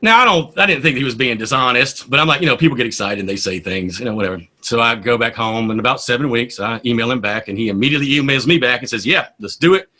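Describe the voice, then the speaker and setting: A man, a poet and radio host, telling stories in a casual interview with an animated manner. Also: mid-range voice, fast talker, hardly any pauses. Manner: animated storyteller.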